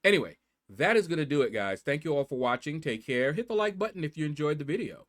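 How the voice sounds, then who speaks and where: A man hosting his gaming channel, talking viewers through his matches in a chatty, excitable way. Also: on the high side, fast. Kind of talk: mobile game commentary.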